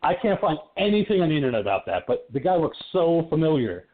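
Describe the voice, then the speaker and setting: A man's voice: a little high, big pitch swings, fast. A man hosting a podcast, chatting casually about horror films and laughing often. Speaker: podcast host. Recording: phone-like call audio.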